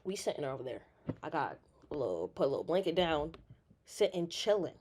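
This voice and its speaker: A woman's voice: sits low, a little fast, slight background noise. Giggly, nervous young woman streaming. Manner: excitable, laughs often, swears freely; swings between loud outbursts and quiet murmurs. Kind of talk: casual live-stream chat.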